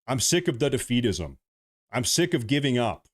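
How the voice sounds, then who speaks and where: A man's voice: mid-range voice, big pitch swings, normal speed, breathy edge. A man in his thirties hosting a political livestream, heated and ranting, reading viewer messages between outbursts. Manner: heated, ranting, then apologetic. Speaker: livestream host.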